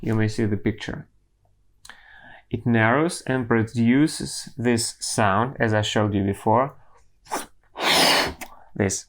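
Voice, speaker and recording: A man in the middle of a singing tutorial, talking through vocal technique in a deliberate, measured way. He keeps his pace slow and unhurried, with frequent pauses and small restarts as he works out how to phrase each point. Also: mid-range voice, a little hiss or hum. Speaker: singing teacher.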